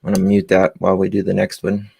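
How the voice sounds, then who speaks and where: A man's voice: deep voice, monotone, quick pace, creaky, darkish tone, soft background music. A man hosting a commentary stream, flustered and joking while he fiddles with screen sharing. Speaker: commentary channel host.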